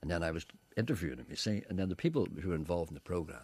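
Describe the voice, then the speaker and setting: A man's voice: sits low, animated, racing, a little mellow, breathy edge. An older man, a radio presenter chatting and telling stories in a rambling way, often repeating "you see". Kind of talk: casual chat.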